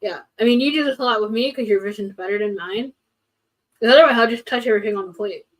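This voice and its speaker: A woman co-hosting a casual seminar who reads audience questions aloud and answers from her own experience. Her speech is chatty and informal. Her voice sits a little high. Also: quick pace. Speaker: seminar co-presenter. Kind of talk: casual panel talk.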